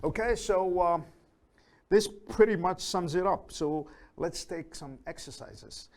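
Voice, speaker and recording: A male English teacher walks learners through grammar in a slow, deliberate way. His voice sits a little on the high side, and he repeats each example sentence so it sinks in. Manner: repeats example sentences slowly for learners, with fillers and self-corrections. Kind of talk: slow, deliberate lesson explanation.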